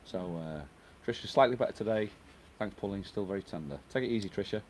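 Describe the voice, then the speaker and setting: Fast-talking middle-aged man hosting a livestream. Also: lowish voice, a little mellow, slight background noise. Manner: chatty, reads out viewer comments. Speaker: live stream host. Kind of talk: casual live stream chat.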